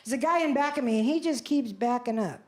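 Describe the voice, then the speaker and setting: A woman's voice: fairly high pitch, lively intonation, fast. Brash seventy-something woman doing stand-up. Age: 70s. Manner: brash, self-mocking storytelling with big exclamations. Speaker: stand-up comedian. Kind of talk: live stand-up comedy. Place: comedy club stage. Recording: club stage mic with audience noise. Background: audience laughter.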